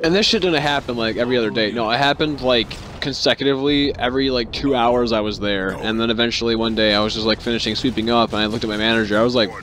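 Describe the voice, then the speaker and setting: A young man telling work stories in a casual vlog, rambling and sarcastic, swearing constantly and acting out other people with sudden jumps in pitch. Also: quick pace, hardly any pauses, fairly bright tone, slight background noise. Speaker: vlogger.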